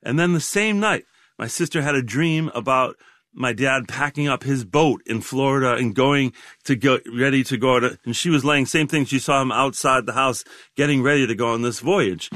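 A man in his sixties, a guest in a reflective interview, talking in a halting, rambling way with many restarts. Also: medium pitch, fairly bright tone, dry recording, studio quality. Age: 60s.

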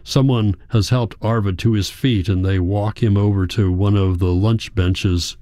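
Deep dude reading a story aloud, steady and even, super dry close mic. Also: male voice, measured pace, no echo. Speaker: audiobook narrator. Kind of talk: first-person scripted narration.

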